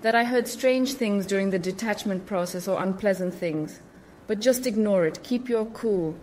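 A woman's voice: mid-range voice, moderate pace, a little mellow, a little hiss or hum. A woman hosting a spiritual channel, explaining things in a casual monologue with emphatic repetition and awkward phrasing.

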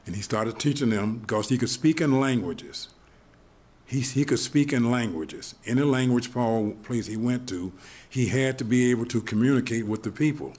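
A man preaching a sermon, retelling stories in an animated way, chuckling often and restarting his sentences. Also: medium pitch, moderate pace, slightly rough. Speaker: pastor.

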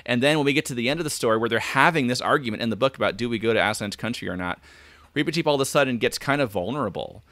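A man's voice: mid-range voice, rapid-fire, fairly bright tone, no room sound. A man speaking as a podcast guest over a video call, thinking aloud and acting out quoted lines. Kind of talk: casual video call chat.

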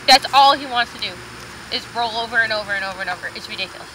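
A woman's voice: fairly high pitch, rapid-fire, bright, forceful tone, slight background noise, poor audio. A young woman in a casual home vlog, chatting to the camera while she trains her dog, with short firm commands and sing-song praise.

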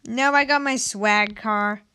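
An excitable woman narrates a game role-play in a high, bright voice. She talks at an unhurried pace and keeps bursting into loud, shouted exclamations. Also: clean tone. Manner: excitable, with sudden shouted outbursts. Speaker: gameplay narrator.

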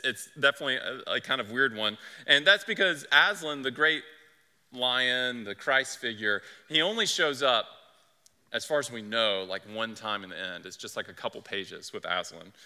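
A male pastor preaches in an earnest, conversational way, his voice very bright and sharp. He talks at a middling pitch for a man. A long reverb from the church sanctuary trails behind his words. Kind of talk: sermon.

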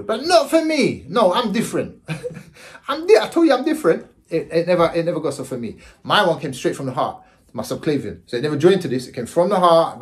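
A man in his forties tells his story straight to camera in a loose, chatty way, his pitch leaping up and down. He sits in the middle range for a man and keeps asking whether you follow him. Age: 40s. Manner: animated, jumps into high exclaiming voices; repeats words and checks in with the listener. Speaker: vlogger.

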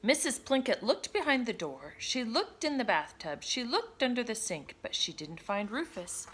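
A woman reading a children's picture book aloud in an expressive, sing-song manner. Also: fairly high pitch, normal speed, hardly any pauses, a little hiss or hum. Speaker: storybook reader. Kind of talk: children's read-aloud narration.

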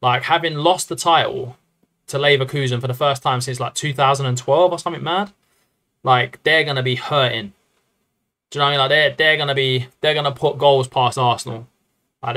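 A man casually commentating his live-streamed football management game, chatty and rambling as he talks to his chat. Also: mid-range voice. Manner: chatty, rambling and excitable, often addressing the chat as lads.

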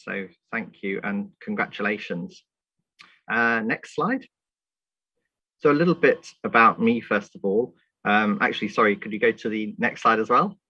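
A man's voice: fairly low pitch, bright, forceful tone, husky, no echo. A man from the UK giving a polite, formal conference talk over a remote link. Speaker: guest speaker. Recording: dry lo-fi call audio.

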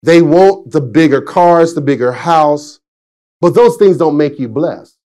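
A high-pitched man in his forties preaching a sermon as a pastor. He tells chatty stories, laughs often, and swings between excited bursts and hushed asides. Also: measured pace. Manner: chatty storytelling with frequent laughs. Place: church service.

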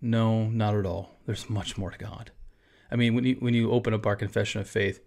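A man's voice: lowish voice, fairly even intonation, a little fast, gravelly, darkish tone. Man talking through a statement of faith. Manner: conversational, with fillers and asides. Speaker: pastor. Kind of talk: casual teaching podcast.

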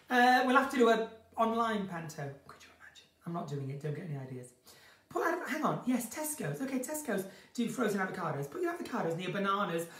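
A woman's voice: medium pitch, fairly bright tone. A woman chats through a casual live stream at home, reading out questions and answering with theatrical flair. She sounds a little distant from the mic, and the room gives her voice a noticeable echo. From northern England. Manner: chatty, theatrical, reads out comments and answers them. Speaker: live chat host answering viewer questions.

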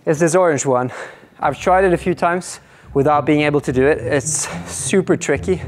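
A man's voice: on the high side, moderate pace. A man out of breath in an indoor climbing gym, talking casually into a clip-on mic between climbs, with sighs and puffs. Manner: chatty, sighing and puffing between climbs. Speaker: climber filming himself. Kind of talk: casual on-the-spot commentary. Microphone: clip-on microphone worn on the body.

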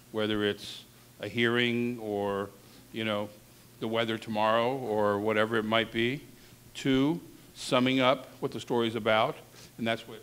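A talent coach leads a classroom session on reporting, teaching in a candid, conversational way with frank asides. His voice sits fairly low and has a fairly bright tone.

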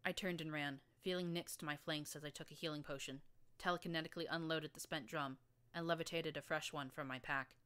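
A woman's voice: sits low, fairly even intonation, fairly quick, fairly bright tone, clean tone. A woman narrating first-person action fiction in a vivid, dramatic storytelling manner. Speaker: audiobook narrator.

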